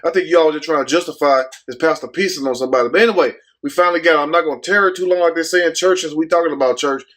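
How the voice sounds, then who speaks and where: A man's voice: fairly high pitch, rapid-fire, fairly bright tone. A man hosting his own channel, telling a news story to his viewers in a casual, joking, profane way. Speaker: YouTube commentary host. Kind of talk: casual commentary rant.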